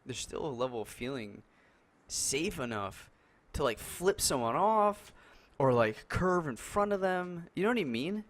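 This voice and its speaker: A man's voice: fairly high pitch, a little slow. A man on a podcast call, chatting casually and telling a story with lots of fillers and acted-out quotes. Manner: animated storyteller, acts out quotes, many fillers. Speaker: podcast co-host. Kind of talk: casual chat over a call. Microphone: headset or desk mic on a video call.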